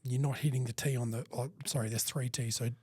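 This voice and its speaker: Sweary man, husky and dry. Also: mid-range voice, fairly even intonation, quick pace, a little mellow, no echo. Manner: sweary, rambling storyteller. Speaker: podcast co-host. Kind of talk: casual chat.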